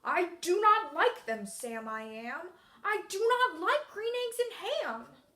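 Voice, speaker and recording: A woman's voice: extremely high pitch, very animated, slow pace, bright, forceful tone, heavily acted. Woman doing a grumpy storybook character. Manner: grumpy, insistent refusals. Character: grumpy stubborn picky-eater character.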